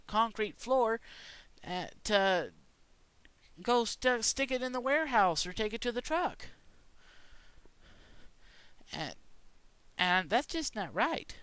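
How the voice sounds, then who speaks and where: A man's voice: sits high, fairly bright tone, clear, resonant tone, dry recording. A man rambling through a mock-serious conspiracy rant in a casual monologue, stumbling and restarting often. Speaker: vlogger.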